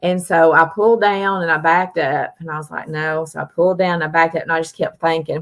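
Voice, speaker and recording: A woman's voice: deep voice, fairly even intonation, brisk, hardly any pauses. A middle-aged woman hosting a live stream, telling a rambling, folksy story full of "uh" and "you know". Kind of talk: casual storytelling chat.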